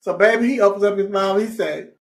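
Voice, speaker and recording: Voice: medium pitch, fast, gravelly. A comedy talk show host telling a gossip story in casual, sassy chat and acting out the people in it.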